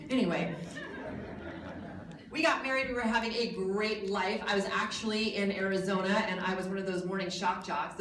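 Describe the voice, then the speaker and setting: A woman's voice: mid-range voice, normal speed, a bit bright, a little hiss or hum. An American woman in her forties giving a keynote speech to an audience in a large hotel hall, telling her story with jokes that poke fun at herself. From United States. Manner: jokey, self-mocking storytelling. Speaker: guest speaker. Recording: echoey hall from a distance.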